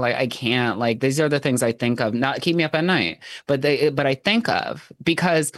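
A man talking in a casual podcast chat, his voice jumping high whenever he gets worked up. He rants with exasperation and plays out the people he mocks. The sound is dry and close, with no room around it. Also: fairly bright tone, dry recording.

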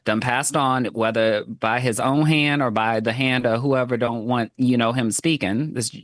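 A man in casual political chat, ranting in an animated, exasperated way and acting out the people he quotes. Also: mid-range voice, unhurried, dry recording.

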